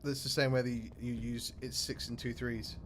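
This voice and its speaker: A man's voice: medium pitch, little pitch movement, normal speed, background noise. A man with a British accent giving casual let's play commentary, chatty and full of joking asides. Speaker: gaming streamer.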